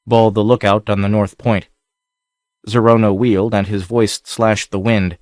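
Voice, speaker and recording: A man reading an adventure novel aloud in steady, measured scripted narration. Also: on the low side, no echo, clean studio sound. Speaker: audiobook narrator.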